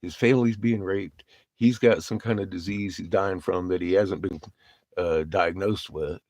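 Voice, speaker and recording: A man's voice: deep voice, fairly even intonation, normal speed, a little mellow, dry recording. A man telling a rambling story in a casual vlog, cursing freely and breaking into laughter. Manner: rambling, profane, laughs often. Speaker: vlogger.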